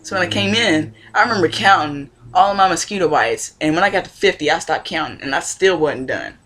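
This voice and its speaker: A woman's voice: lowish voice, expressive, brisk, a bit bright. Profane, blunt young woman vlogger. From Indiana, USA. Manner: profane, blunt, laughs often. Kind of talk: casual storytelling monologue.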